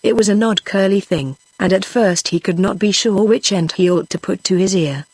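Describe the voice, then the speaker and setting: A text-to-speech woman's voice with a British English accent, reading a children's storybook aloud in an even, steady way. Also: medium pitch, moderate pace, breathy edge, no room sound. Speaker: audiobook narrator. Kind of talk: scripted narration.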